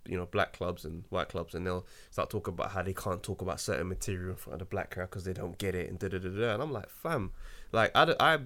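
Low-voiced comedian, emphatic and fast. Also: male voice. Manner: animated, emphatic, slangy. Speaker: stand-up comedian. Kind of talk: casual podcast chat.

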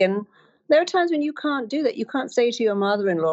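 A woman's voice: animated, moderate pace, a little mellow, highs cut off. A middle-aged woman giving an emphatic motivational talk, acting out inner voices as she explains. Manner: emphatic, acts out inner voices with wide pitch swings.

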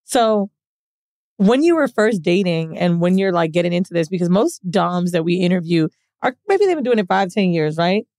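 A woman's voice: lowish voice, very animated, normal speed, a little mellow, dry recording, clean studio sound. A woman co-hosting a podcast, asking curious, probing questions. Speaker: podcast co-host. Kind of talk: casual interview chat.

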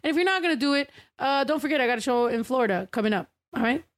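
A breathless woman hosting a casual livestream, her voice sitting slightly high. She talks loudly and excitably and swears freely between quick remarks. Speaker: livestream host.

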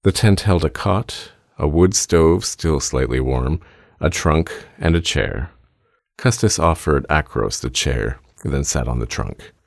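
A man narrating a fiction story in a measured, steady reading. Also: extremely low pitch, creaky, dry recording, clean studio sound.

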